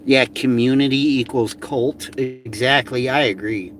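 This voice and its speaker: A man's voice: a little high, measured pace. A man ranting on a video, sneering and crude, swearing constantly as he mocks people. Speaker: ranting vlogger. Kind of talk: profane mocking rant.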